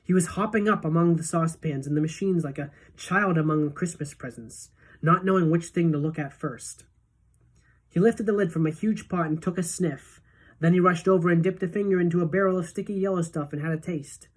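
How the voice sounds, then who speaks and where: A woman teacher reading a children's novel aloud to her class in a steady, even storytelling voice. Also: lowish voice, fairly quick.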